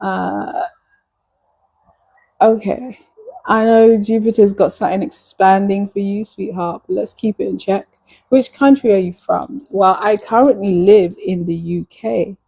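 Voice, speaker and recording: A woman's voice: mid-range voice, fairly even intonation, unhurried, gravelly, dark tone, poor audio. A woman from Nigeria chatting playfully and flirtatiously with viewers on a casual live stream.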